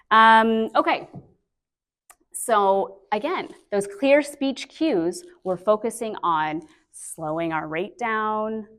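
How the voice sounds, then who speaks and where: A woman's voice: medium pitch, a bit bright. Woman, speech therapist leading a live workshop; chatty, demonstrative coach, mid-range voice.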